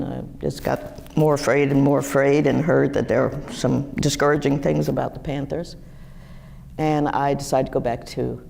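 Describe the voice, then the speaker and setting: A woman in her sixties telling personal stories to a live audience in a lively, animated way. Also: vocal fry, slight background noise. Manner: lively, animated storytelling with wide pitch swings. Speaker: guest speaker. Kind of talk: storytelling talk to a live audience.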